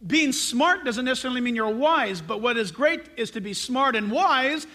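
A man's voice: very high voice, animated, normal speed, sharp tone. A male pastor preaching a sermon, emphatic and direct, firing rhetorical questions at his congregation.

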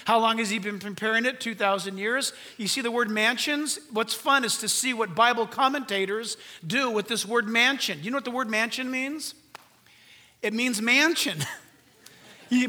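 In this sermon, an older male pastor speaks at normal speed in a sharp, bright, very high and nasal voice. He presses each point earnestly, asking rhetorical questions and slipping in moments of humor.

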